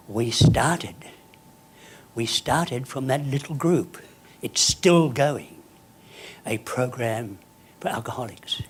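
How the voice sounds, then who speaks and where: A man, giving a motivational speech full of stories, sinking to whispers and then bursting into loud exclamations. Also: mid-range voice, a little hiss or hum. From South Africa. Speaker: keynote speaker.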